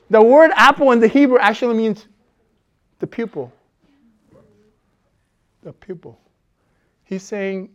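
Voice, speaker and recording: A man preaching a sermon as a pastor. He talks conversationally with fillers, and swings between loud, emphatic preaching and soft, low asides. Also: expressive, normal speed, pauses often. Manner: conversational, with fillers and self-corrections.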